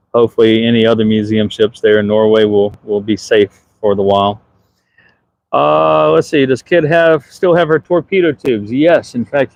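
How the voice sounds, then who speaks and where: A man's voice: medium pitch, darkish tone, muffled recording. Southern man narrating a live stream. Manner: casual, answers viewer comments. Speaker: ship superintendent. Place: outdoors on a ship deck.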